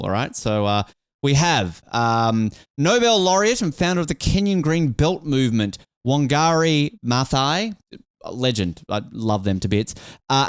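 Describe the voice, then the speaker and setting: This is a man hosting a podcast in a loose, irreverent manner, with a voice of middling pitch that swings up and down a lot. He sounds close and dry on the mic, with no room echo. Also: clear, resonant tone. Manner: lively, irreverent, swears casually. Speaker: podcast host. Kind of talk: casual podcast chat.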